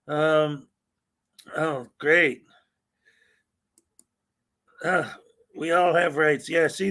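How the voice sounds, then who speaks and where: A man's voice: high voice, creaky, bright, forceful tone. A man hosting a morning livestream, greeting viewers by name in an upbeat, rambling way. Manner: rambling, upbeat, reads out chat names. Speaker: livestream host.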